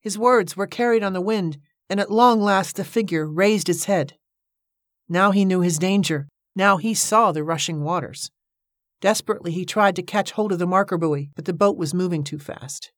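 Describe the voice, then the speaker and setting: Woman narrator, audiobook, low voice, measured, dry close recording. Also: dry recording. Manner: steady, measured storytelling.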